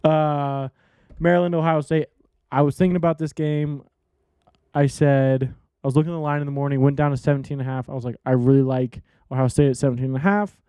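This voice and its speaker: A man's voice: on the high side, fairly even intonation, brisk, mellow, smooth, dry recording. A man hosting a casual solo sports betting podcast, blunt and rambling, repeating himself and swearing now and then.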